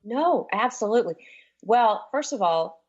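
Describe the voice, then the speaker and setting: A woman's voice: on the high side, expressive, unhurried, a little mellow, slightly rough, highs cut off. A woman coach talking enthusiastically in a casual radio interview, speeding up and then stretching words out. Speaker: guest, transformation coach.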